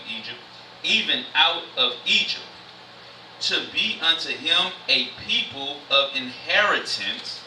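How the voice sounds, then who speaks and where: Man preaching to a congregation, bright cutting tone, mixes scripture reading with slangy asides; distant mic in an echoey hall. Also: medium pitch, a little hiss or hum. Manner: reads scripture slowly, then explains in loose everyday slang. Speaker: church speaker. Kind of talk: casual sermon with scripture reading. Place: church sanctuary. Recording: echoey church room, mic from afar.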